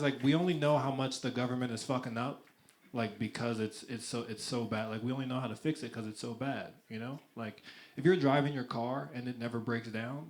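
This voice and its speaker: A young man performing a stand-up set in a live venue, telling stories in an animated way and laughing through his punchlines. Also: mid-range voice. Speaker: stand-up comedian.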